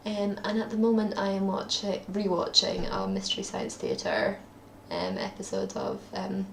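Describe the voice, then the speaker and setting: A woman's voice: medium pitch, animated, normal speed, creaky, hardly any pauses, echoey room, slight background noise. A young woman with a Scottish accent, chatting in a rambling, self-deprecating way for her daily video diary, with lots of ums. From Scotland. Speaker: vlogger. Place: at her parents' home, indoors.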